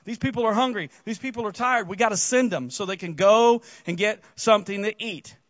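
Man, pastor, high voice, casual sermon, animated storytelling, dull dry recording. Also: a little fast, dry recording. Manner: animated storytelling with repeated restarts.

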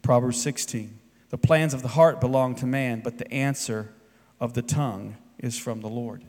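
A man preaching a sermon, rising to loud emphatic peaks and dropping to quiet, soft asides. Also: mid-range voice, moderate pace. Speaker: pastor. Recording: long hall reverb.

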